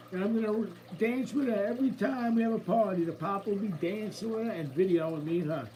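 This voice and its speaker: Hosting a casual live stream from a room at home, a man with a high, slightly mellow voice chats in an upbeat way and greets viewers by name at a normal speed. The low-quality recording carries a little hiss or hum, plus faint running water from a tank.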